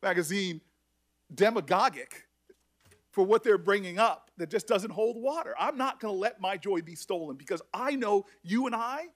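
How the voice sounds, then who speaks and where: A middle-aged man speaking at a hearing as a senator, emotional and halting, often restarting his sentences. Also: high voice, expressive. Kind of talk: emotional public address.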